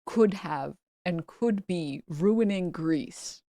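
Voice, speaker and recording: A woman from New York, a streamer reacting to clips in casual commentary, emphatic and repetitive, swinging loud for effect. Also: fairly low pitch, drawn-out words, no room sound, studio quality.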